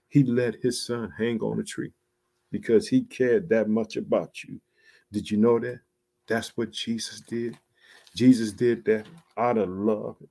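A man preaching a sermon with fervent emphasis, calling out to his listeners and swinging from loud exclamations to hushed near-whispers. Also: fairly low pitch. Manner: fervent, emphatic, repetitive call-outs to listeners.

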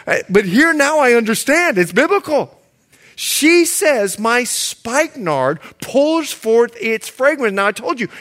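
A man preaching a sermon, animated and playful, swinging between loud and hushed. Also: sits high. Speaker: pastor.

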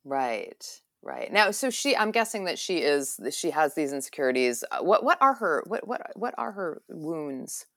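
A woman hosting an interview, chatting casually and reading an excerpt aloud in a relaxed way. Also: low voice, moderate pace, hardly any pauses, dry recording, studio quality. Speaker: podcast host.

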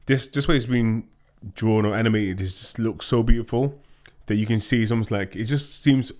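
A man in casual conversation about films, playful and quick to joke. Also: on the low side, darkish tone. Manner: joking, playful banter. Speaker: podcast co-host. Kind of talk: casual film review chat.

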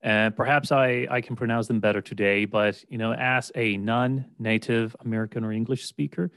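Speaking at a moderate pace, this man has a steady, mid-range voice with a slight brightness, and the recording is dry. He co-hosts a podcast with a Swedish accent, rambling through relaxed chat with lots of laughs and restarted sentences.

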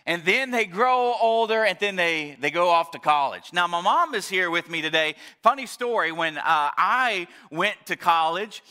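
High, bright-voiced man preaching. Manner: chatty, storytelling, frequent restarts; drops to a soft, quiet tone. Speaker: pastor. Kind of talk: Mother's Day sermon. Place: church service, also streamed online.

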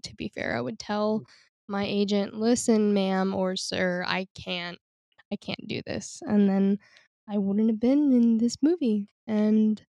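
A young woman co-hosting a casual movie review podcast, animated and excitable, swearing freely as she vents. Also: on the high side, vocal fry, dry recording. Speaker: podcast co-host.

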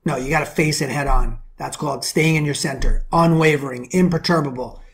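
A middle-aged man from the Bronx with a New York accent, hosting a podcast as a men's coach in a forceful motivational monologue full of rhetorical questions. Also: fairly even intonation, brisk. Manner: forceful preaching, rhetorical questions, drops to low intense tones.

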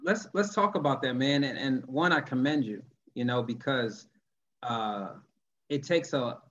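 A man's voice: mid-range voice, measured pace, fairly bright tone, muffled recording, slight background noise. A man hosting a podcast, encouraging his guest and asking him to share his story. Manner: encouraging, short affirmations. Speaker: podcast host. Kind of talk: interviewing a guest.

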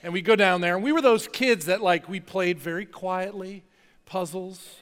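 A male pastor from North New Jersey giving a conversational, lively sermon with playful asides in a church chapel. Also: sits high, normal speed, clear, resonant tone. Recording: long hall reverb.

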